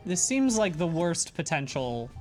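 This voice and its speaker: Low-voiced woman chatting over gameplay. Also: a little slow, faint music behind. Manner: relaxed, hesitant, many fillers. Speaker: co-host. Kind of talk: casual gameplay chat.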